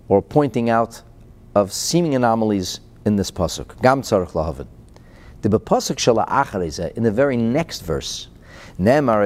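A man with a fairly low, slightly mellow voice teaches Torah, working through a Chassidic discourse. He reads Hebrew phrases aloud and renders them in English, poses rhetorical questions, and chuckles between his points.

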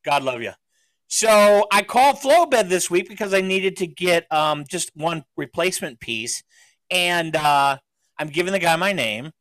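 A man's voice: high-pitched, animated, unhurried, a bit bright, no echo. Guy hosting a podcast, chatty and rambly, laughs a bunch, dry mic. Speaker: podcast host. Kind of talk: casual chat.

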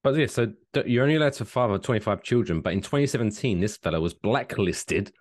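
Low-voiced man hosting casual news chat. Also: quick pace. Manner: lively, jokey, reads news out loud with big pitch swings. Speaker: podcast co-host.

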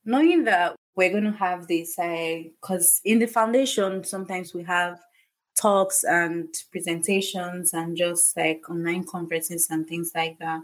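A woman's voice: on the low side, fairly even intonation, measured pace. A young adult woman from Nigeria hosting a podcast, telling a personal story candidly with many fillers. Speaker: podcast host, foundation founder.

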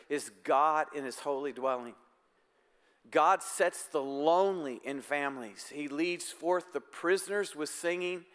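Pastor, male, high and smooth, earnest conversational sermon, long church reverb. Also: fairly bright tone. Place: church sanctuary.

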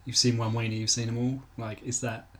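A woman's voice: extremely low pitch, level tone, a little fast, a bit bright. A woman co-hosting a podcast, chatting casually with dry, playful questions. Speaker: podcast co-host. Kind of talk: casual chat.

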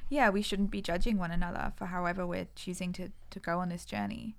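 A woman co-hosting a podcast, speaking in an earnest, reflective tone. Her voice has a gravelly fry to it, and she talks in drawn-out, thoughtful phrases as casual chat. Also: fairly low pitch, fairly even intonation. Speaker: podcast co-host.

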